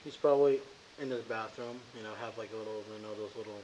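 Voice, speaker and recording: A man's voice: fairly low pitch, steady tone, darkish tone. A man playing a tabletop game, describing his character in a slangy, casual way with lots of "you know". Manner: fast, slangy, says "bro" and "you know" a lot. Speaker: player. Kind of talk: casual tabletop role-play. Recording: dull lo-fi with faint hiss.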